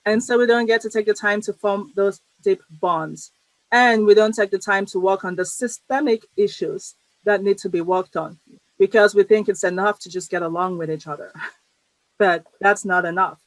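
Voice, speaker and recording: A woman who is a guest on an interview podcast, telling animated stories and often laughing between points. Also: medium pitch, moderate pace, dry recording, low-quality recording. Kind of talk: conversational interview.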